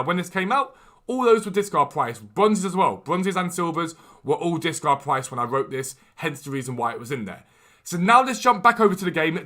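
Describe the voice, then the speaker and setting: A young man streaming a video game, talking casually and energetically to his viewers. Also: sits high. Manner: energetic and chatty. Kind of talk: casual live-stream talk.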